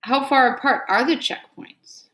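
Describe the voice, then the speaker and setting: A woman's voice: high voice, unhurried, a bit bright. A woman teaching an elementary reading lesson, prompting children item by item and praising their answers, then reading a story aloud with care. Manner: call-and-response prompting, repeating "what word?" after each item; patient and encouraging, praising answers. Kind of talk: scripted reading drill and read-aloud.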